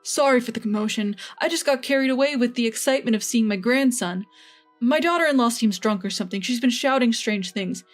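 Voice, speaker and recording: A woman voicing a blustering older father-in-law, pleading in a measured read. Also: on the high side, faint music behind, close to an everyday voice. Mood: flippant.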